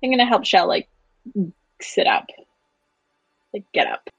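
A woman's voice: mid-range voice, animated, unhurried, vocal fry, fairly bright tone, no echo, dull audio. A woman who is a player in a tabletop game, speaking tentatively with fillers. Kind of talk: tabletop role-play.

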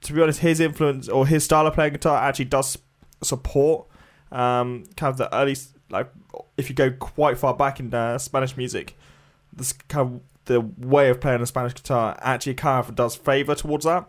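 A man's voice: medium pitch, steady tone, moderate pace. A young man in casual podcast talk. He speaks in an ordinary mid-range voice, hesitating often and restarting his sentences. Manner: hesitant, full of ums, restarts. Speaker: podcast co-host. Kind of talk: casual chat.

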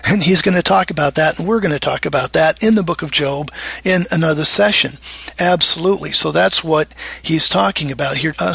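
A man's voice: high voice, vocal fry, bright, forceful tone, breathy edge. A middle-aged man teaching from the Bible in a sermon, emphatic, acting out prayers in a raised, pleading voice.

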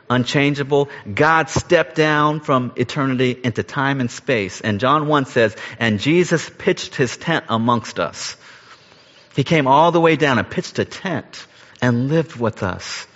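Male pastor, earnest sermon delivery, muffled recording in a big reverberant room. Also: medium pitch. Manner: earnest, rises to emphasis then drops soft.

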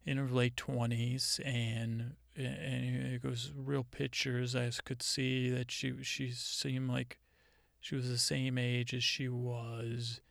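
A man hosting a comedy podcast, retelling a conversation in a rambling, deadpan way with many halting restarts. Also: mid-range voice, vocal fry, dry recording, clean studio sound.

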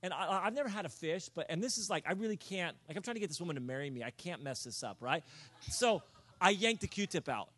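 A man telling a comic personal story in a sermon, animated and building to near-shouts. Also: high-pitched, fast, dry recording.

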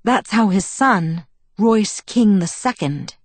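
A woman lightly acts out an audiobook character: a proud, bitter young vampire woman telling her past with wistful self-mockery. Her mid-range voice has a darkish tone and moderate pace, in a dry recording.

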